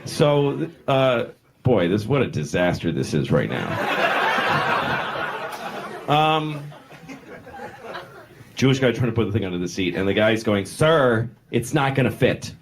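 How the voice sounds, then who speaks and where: A man's voice: fairly low pitch, sing-song, a little slow, pauses often. A man performing a stand-up comedy set in a club, rambling and interrupting himself. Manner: rambling, self-interrupting, acting out voices. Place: comedy club stage with audience. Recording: noisy live club recording.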